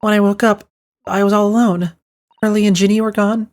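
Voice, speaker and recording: A man doing a soft, worried young girl. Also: high-pitched, flat delivery, a little fast, voice pushed up, natural voice.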